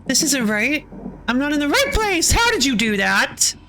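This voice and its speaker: A woman streaming a game with excitable, giggly commentary that breaks into panicky shrieks. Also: high-pitched, normal speed, slight background noise. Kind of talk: live gameplay commentary.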